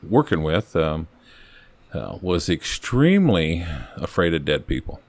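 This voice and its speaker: An older man with a very low, deep voice tells stories from his long police career in an earnest, halting way. He often stops and restarts his sentences as he talks. The sound is dry and close, with no room around it. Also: big pitch swings, darkish tone, no room sound. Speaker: retired police officer, podcast guest. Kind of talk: casual storytelling chat.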